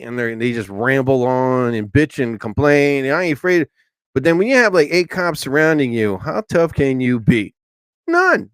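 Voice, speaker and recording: A man hosting a casual live stream, rambling excitably and swearing casually as he chats. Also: medium pitch, no room sound.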